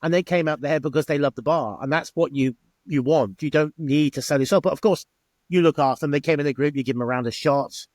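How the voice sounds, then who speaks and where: A man's voice: fairly high pitch, fairly even intonation, a little fast, darkish tone, no room sound. A middle-aged man, a former bar owner telling stories in an interview and acting out the exchanges he quotes. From England. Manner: chatty, acts out quoted exchanges. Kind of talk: interview storytelling.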